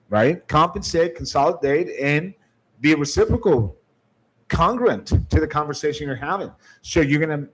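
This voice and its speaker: A man runs a sales coaching lecture in a plain, mid-range voice. He is emphatic and circles back over his points. He keeps checking in with a quick "right?". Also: medium pitch, low-quality recording. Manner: emphatic, repeats phrases, often asks "right?". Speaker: sales trainer.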